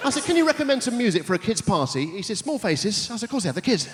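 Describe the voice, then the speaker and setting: High, lively man firing off one-liners. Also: big-room sound, slight background noise. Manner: rapid-fire punning one-liners, deadpan setups. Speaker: stand-up comedian. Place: large theatre stage before a live audience.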